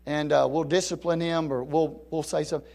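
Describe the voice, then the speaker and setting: A middle-aged pastor preaching a sermon, swinging from soft, low passages to loud, fervent peaks. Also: male voice, steady tone, fairly quick, gravelly. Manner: rising to near-shouting peaks of preaching fervor, then dropping low and soft.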